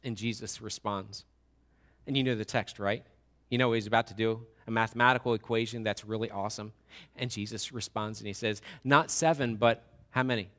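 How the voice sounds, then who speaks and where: A male pastor preaching a sermon in a chatty, animated way, with loud bursts and sudden quiet asides. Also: lowish voice, fairly quick. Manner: animated, conversational, swings between loud bursts and near-whispers.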